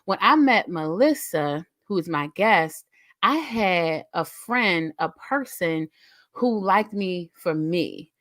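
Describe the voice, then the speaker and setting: A woman's voice: on the low side, expressive, takes it slowly, fairly bright tone, no room sound. A woman in her thirties hosting a casual chat, heartfelt and emotional, rambling with repeated words. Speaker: host.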